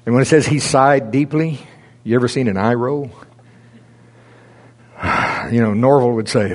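A man's voice: medium pitch, wildly swooping pitch, a little slow, long pauses. Chuckling conversational male preacher. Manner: conversational, chuckling, reads scripture then explains it. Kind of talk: sermon.

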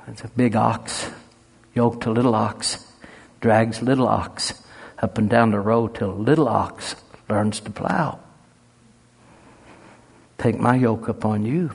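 Husky middle-aged male preacher. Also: medium pitch, a little slow, darkish tone. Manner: folksy and conversational, swelling to fervent emphasis. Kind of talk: sermon with spoken prayer.

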